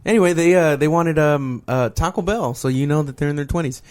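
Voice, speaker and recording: Hesitant man with a higher voice. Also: fairly quick, a little mellow, smooth. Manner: hesitant, many fillers and restarts. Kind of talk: casual chat.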